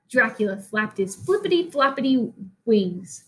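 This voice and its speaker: Slow, expressive woman teacher reading aloud. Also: a little high, low-quality recording. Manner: slow, expressive, asks children questions. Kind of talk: reading a picture book aloud to children.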